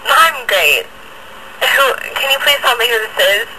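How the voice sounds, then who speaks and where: A woman's voice: on the high side, sing-song, unhurried, noisy background. A young woman on a phone call, laughing, puzzled, and repeatedly asking who the caller is. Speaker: prank call target. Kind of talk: casual phone conversation. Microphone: telephone.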